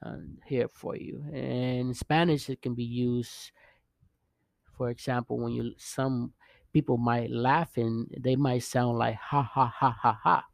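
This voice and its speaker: A man gives a relaxed video language lesson at an unhurried pace, his voice carrying a noticeable gravelly fry. He patiently repeats each sound and keeps checking in with "okay?". The recording is close and dry, with little room sound. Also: mid-range voice, no echo. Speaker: language teacher. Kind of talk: casual vlog-style lesson.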